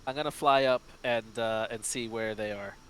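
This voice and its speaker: A man playing a tabletop game, talking exuberantly and breaking into shouts. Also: fairly low pitch, fairly even intonation, moderate pace, clear, resonant tone, rough recording. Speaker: player. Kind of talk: casual tabletop chat.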